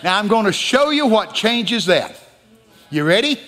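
A man preaching a guest sermon in a church, dramatic and emphatic, building to loud peaks. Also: high voice, big pitch swings, unhurried. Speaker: guest pastor. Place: church sanctuary. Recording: church hall with long reverb.

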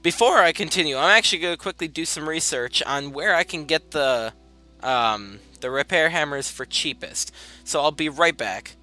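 A man's voice: a little high, normal speed, sharp tone, faint music behind. A young man casually commentating his gameplay, rambling, easily sidetracked and apologizing often. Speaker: gaming video host. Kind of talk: casual let's-play commentary.

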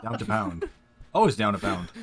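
A man hosts a multiplayer game session in a loose, chatty way. His voice sits very low, and he talks with plenty of fillers and restarts, a touch nervous. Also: huge pitch swings, moderate pace, a crowd in the background. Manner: nervous, rambling intro with fillers. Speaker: channel host. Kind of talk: casual gaming chat.

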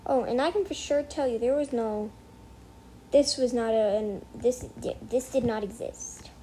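A woman's voice: fairly high pitch, normal speed, mellow, slight background noise, poor audio. A female gamer chatting casually over her gameplay, rambling, correcting herself mid-sentence and slipping into mock outrage. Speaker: gameplay streamer.

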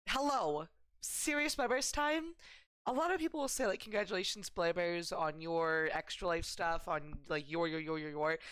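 A woman's voice: on the low side, fairly bright tone, dry recording. A woman livestreaming a charity stream, talking in a gushing, emotional way with a lot of rambling and fillers. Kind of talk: casual livestream chat.

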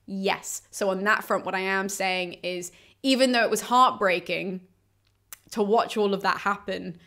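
A woman's voice: mid-range voice, unhurried, bright, forceful tone. A young woman, chatting casually and enthusiastically about a book series, full of asides and strong opinions. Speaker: book reviewer. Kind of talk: casual chat.

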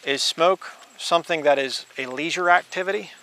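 A male preacher slowly reading scripture aloud, then adding blunt conversational asides. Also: fairly high pitch, sharp tone, slight background noise. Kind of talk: informal Bible teaching.

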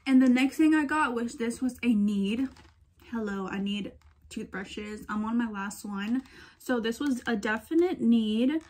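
A young woman vlogger chatting excitedly to her viewers about what she bought, calling them girl and y'all. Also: a little high. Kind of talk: casual haul vlog chat.

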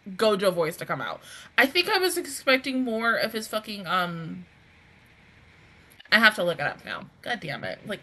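A woman hosts a casual anime reaction review, talking fast and excitably and swearing freely. Her voice sits high and bright. Her pitch leaps around constantly as she laughs through her thoughts.

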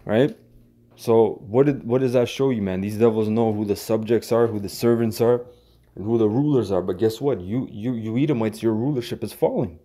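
Slangy, low-voiced man teaching scripture. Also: moderate pace, warm tone. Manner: slangy, repeats "man" often, frequent restarts. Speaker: bible teacher.

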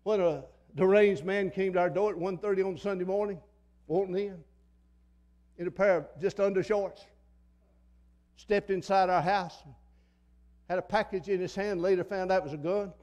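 A man's voice: high-pitched, steady tone, normal speed, long pauses, a little mellow. An older man preaching a sermon in a church, in a fiery, folksy manner that repeats phrases for emphasis. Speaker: pastor. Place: church sanctuary.

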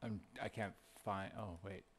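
A man's voice: low voice, fairly even intonation, measured pace, a little hiss or hum. Teasing man in a game chat. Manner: joking, teasing. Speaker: gamer in a party chat. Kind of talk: casual chat.

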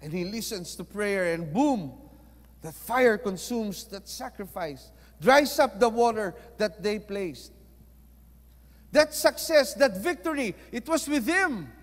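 A Filipino-accented man preaching, his voice sitting high for a man. He drops to near-whispers, then rises to forceful emphasis, slipping Tagalog phrases into his English. Long reverb trails each line, as in a church hall. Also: expressive, slow. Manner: swings between hushed and emphatic delivery. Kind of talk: sermon.

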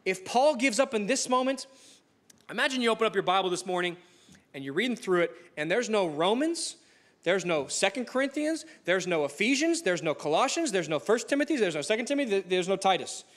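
A man preaching a sermon in a church, telling stories in a casual, animated way with frequent restarts. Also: sits high, fairly quick. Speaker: pastor.

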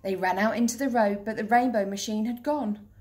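A woman teacher reading a children's picture book aloud in a clear, steady, gentle voice. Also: on the high side, fairly quick.

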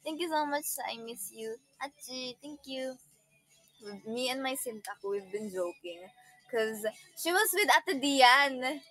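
A woman's voice: high voice, fairly bright tone, low-quality recording. A woman in her twenties with a Filipino accent, chatting casually on a livestream, giggly and bubbly as she answers comments. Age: 20s. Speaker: livestream host.

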